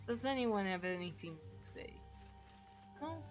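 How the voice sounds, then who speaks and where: A woman's voice: medium pitch, animated, a little slow, pauses often. A tired woman chatting playfully while streaming a game late at night. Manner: chatty, playful, self-mocking. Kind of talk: casual gameplay commentary. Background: game music.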